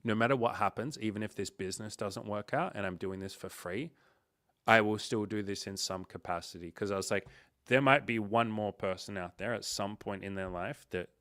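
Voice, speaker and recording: Guy coaching on a livestream, kinda low voice, swears a lot, acts out quotes, dead dry sound. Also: moderate pace, a bit bright, no echo. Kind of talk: casual livestream monologue.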